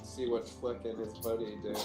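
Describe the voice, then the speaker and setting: A man playing a tabletop game, planning moves aloud in a casual, animated way. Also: on the low side, moderate pace. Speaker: player. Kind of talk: casual tabletop play chat. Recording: echoey room with faint music.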